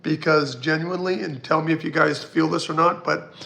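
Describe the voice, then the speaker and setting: A man with a bright, sharp tone hosts a casual live stream. He talks bluntly, swears now and then, and reads viewer questions aloud. His voice sits high and carries a gravelly rasp. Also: steady tone, fairly quick. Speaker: psychic hosting a live Q&A.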